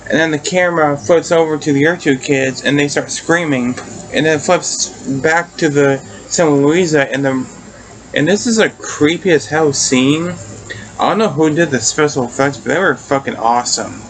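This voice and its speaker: A man's voice: fairly high pitch, normal speed, poor audio. A man casually recapping and reviewing a TV episode. He rambles, restarts often and swears casually.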